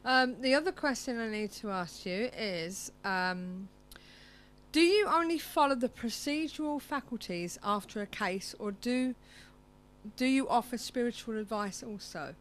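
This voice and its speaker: A woman's voice: a little high, animated, measured pace, a little hiss or hum. Hesitant woman radio host interviewing. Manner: hesitant, many ums, gently probing. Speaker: talk show host.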